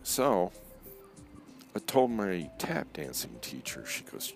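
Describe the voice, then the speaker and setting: Slow and unhurried, a man with a very deep, gravelly voice spins a casual story, his pitch rising and falling lively as he plays each character and mimics their voices. Clear music sounds in the background.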